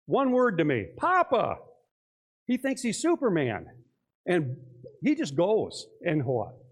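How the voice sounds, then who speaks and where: Animated older preacher, a man. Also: fairly high pitch, measured pace. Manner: animated, acts out voices and asks the congregation questions. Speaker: pastor. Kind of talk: sermon.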